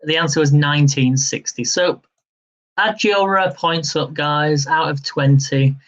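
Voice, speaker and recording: The live-stream quiz host here speaks unhurriedly in a fairly high, slightly bright voice, with lo-fi audio quality. Upbeat and talkative, he laughs easily between reading questions and counting down.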